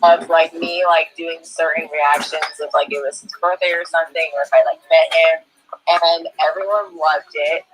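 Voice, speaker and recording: A young woman, a guest in a casual chat, talking in an excitable, gushing way. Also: low-pitched, moderate pace, faint music behind, poor audio. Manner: excitable, gushing, many "like" fillers.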